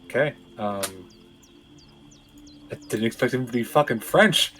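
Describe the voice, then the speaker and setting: A man from Canada playing a tabletop game, rambling and halting, with casual swearing. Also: mid-range voice, fairly bright tone, soft background music, rough recording. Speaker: player.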